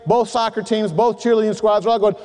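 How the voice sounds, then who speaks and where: A middle-aged man preaching a sermon to men, telling animated stories and acting out voices in his anecdotes. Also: sits high, a little fast, clean tone. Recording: long hall reverb.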